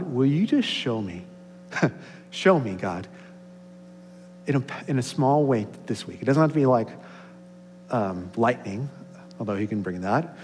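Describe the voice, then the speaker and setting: A man preaching a sermon to a congregation, swinging from excited, loud passages to soft, slow, hushed ones. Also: mid-range voice. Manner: rises to excited loud peaks, then drops soft and slow. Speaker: pastor. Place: church sanctuary. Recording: long hall reverb, faint hum.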